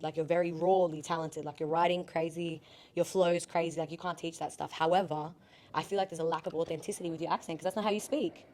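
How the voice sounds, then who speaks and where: A woman's voice: low voice, a little mellow. A young Australian woman, a rapper guest on a podcast, chatting casually with lots of "like" and wandering off on tangents. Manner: chatty, heavy use of "like", goes off on tangents.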